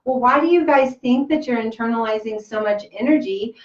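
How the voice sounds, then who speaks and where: This spiritual podcast co-host speaks fairly quickly in a higher voice, keeping the casual chat soothing and reassuring though she restarts her sentences often. The sound is roomy, distant, and dull.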